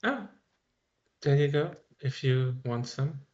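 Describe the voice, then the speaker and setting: A man playing in a tabletop game, relaxed and describing his character's actions. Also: medium pitch, slow pace, dull audio. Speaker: player. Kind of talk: casual tabletop game talk.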